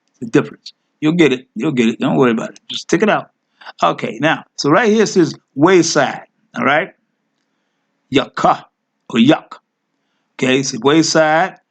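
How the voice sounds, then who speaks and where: Slow-talking man teaching Hebrew words. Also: medium pitch. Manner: thinks aloud, self-correcting, coaxing; addresses listeners as family. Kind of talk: informal screen-share lesson.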